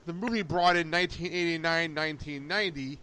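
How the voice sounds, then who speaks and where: A man's voice: on the high side, a little fast, a crowd in the background. A man co-hosting a podcast in casual chat, telling stories with lots of laughter. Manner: animated, laughs often, excitable storytelling. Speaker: podcast co-host.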